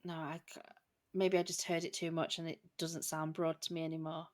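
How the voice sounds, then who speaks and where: A woman's voice: low voice, little pitch movement. A woman in her late thirties, co-hosting a podcast and telling everyday stories in a chatty way. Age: 30s. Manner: chatty storytelling, quick laughs. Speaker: podcast co-host. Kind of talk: casual chat.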